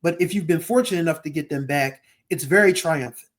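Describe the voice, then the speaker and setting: A man's voice: on the high side, quick pace, hardly any pauses. A man hosting a casual music podcast, talking in a heartfelt, rambling way and now and then singing a line. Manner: heartfelt, rambling, sings song lines. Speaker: podcast host.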